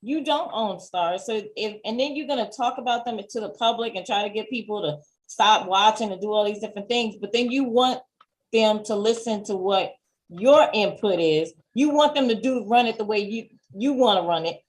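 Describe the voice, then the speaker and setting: A woman's voice: medium pitch, normal speed. A woman co-hosting a casual review chat, emphatic and opinionated. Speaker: co-host.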